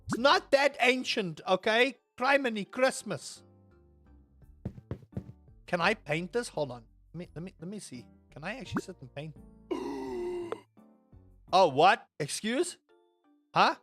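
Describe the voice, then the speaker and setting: A man, chatting casually and rambling with animated grumbles while streaming a game. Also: high voice, normal speed, long pauses, faint music behind. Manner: rambling, animated, lots of restarts and grumbling asides. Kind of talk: casual live-stream chat while playing.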